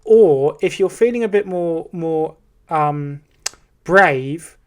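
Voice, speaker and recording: A man's voice: a little high, lively intonation, takes it slowly. A man co-hosting a comedy podcast, chatty as he explains the rules of an impressions game. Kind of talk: casual comedic chat.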